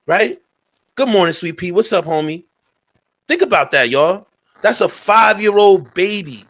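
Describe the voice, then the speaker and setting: A man's voice: high voice, lively intonation, measured pace, fairly bright tone. A man hosting a talk radio show, speaking in a heated, profane commentary and repeating his points.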